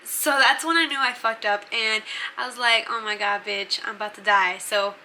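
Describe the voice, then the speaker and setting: A woman's voice: on the high side, steady tone, normal speed, pushed and bright, a little hiss or hum, rough recording. A young woman telling a story to her channel in a casual, chatty way, swearing freely and using plenty of fillers. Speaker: vlogger.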